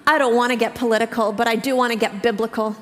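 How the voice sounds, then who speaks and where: A woman in her fifties preaching a sermon to her church, telling a personal story earnestly, with halting restarts. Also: a little high, fairly even intonation, fairly bright tone. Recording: reverberant hall.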